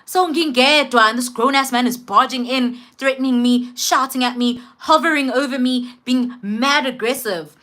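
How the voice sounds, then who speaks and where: Animated South African woman telling a story. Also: high voice, moderate pace, hardly any pauses. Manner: animated, code-switching, emphatic. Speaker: vlogger. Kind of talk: storytime vlog.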